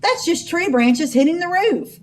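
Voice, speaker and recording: A woman's voice: very high voice, lively intonation, unhurried, voice pushed up. A woman reading a storybook aloud and voicing a sensible young woman who explains things in a matter-of-fact way. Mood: explaining.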